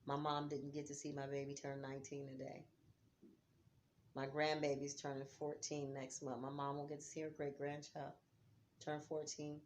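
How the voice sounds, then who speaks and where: A middle-aged woman talking at home about grief, heartfelt, dropping to near-whispers and rising to loud urging. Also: low-pitched, monotone, normal speed, slight background noise. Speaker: vlogger. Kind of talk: emotional vlog talk. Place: home, on a couch.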